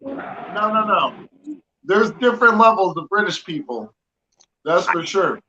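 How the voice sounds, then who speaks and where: A man's voice: high voice, big pitch swings, unhurried, pushed and bright. A man from the United States chatting casually and easily, with lots of "like" fillers. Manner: easygoing, many fillers like "like". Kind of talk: casual chat. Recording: muffled lo-fi line with clear hiss.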